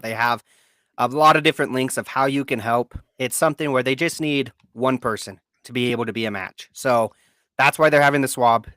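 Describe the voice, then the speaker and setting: A man's voice: medium pitch, sharp tone, dry recording. Earnest male podcast co-host, dry sound. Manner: earnest, heartfelt, repeats words for emphasis. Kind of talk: casual live podcast talk.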